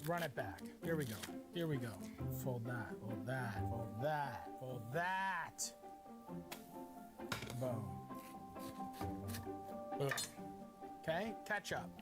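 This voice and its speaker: A man hosting a cooking show, playful and excitable, cracking crude jokes as he cooks. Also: mid-range voice, slow, pauses often, over loud music. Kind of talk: energetic cooking demonstration.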